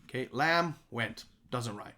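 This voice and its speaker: A man's voice: mid-range voice, expressive, measured pace, bright, forceful tone. A man teaching a recorded music lesson, chanting nursery rhymes as examples and checking in with "okay?" and "right?".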